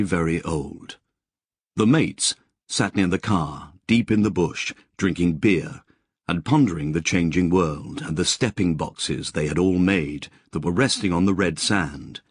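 A man narrating an audiobook chapter in a measured storytelling manner, recorded close and dry. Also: sits low, slightly rough, no echo. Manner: measured storytelling, voices Australian bush characters. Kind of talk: scripted narration.

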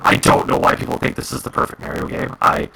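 A man's voice: fast, bright, forceful tone, poor audio. A man co-hosting a casual gaming podcast, ranting heatedly and swearing a lot. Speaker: podcast co-host.

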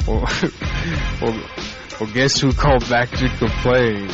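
A man's voice: mid-range voice, fairly even intonation, takes it slowly. A man co-hosting a podcast, ranting crudely in casual radio banter and laughing often. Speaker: podcast co-host. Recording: muffled lo-fi podcast audio with faint music.

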